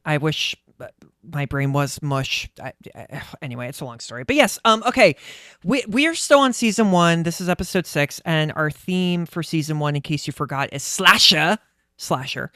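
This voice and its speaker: A man with a fairly high, smooth voice chats loosely on a podcast, rambling and giggling as he goes. He sounds sleep-deprived, recorded close on a dry mic. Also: sing-song, moderate pace, a bit bright, dry recording. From United States. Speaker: podcast co-host. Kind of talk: casual chat.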